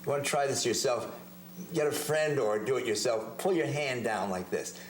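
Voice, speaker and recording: A man's voice: mid-range voice, normal speed, reverberant, a little hiss or hum. Man teaching drum strokes step by step. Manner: explains step by step, repeats words often. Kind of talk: hands-on instructional demonstration. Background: drum hits between phrases.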